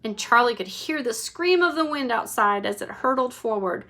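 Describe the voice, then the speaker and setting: A woman reading a children's chapter book aloud to her child, lively and expressive. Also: a little high, moderate pace. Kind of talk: bedtime read-aloud.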